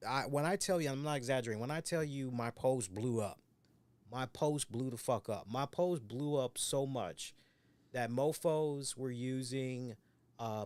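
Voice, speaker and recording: A man co-hosting a casual talk show, rambling through stories with plenty of swearing and little acted-out voices. His voice sits at an ordinary middle pitch. The sound is dry and close, with no room echo. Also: smooth. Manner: rambling, profane, acts out quoted voices. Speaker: co-host. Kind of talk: casual podcast chat.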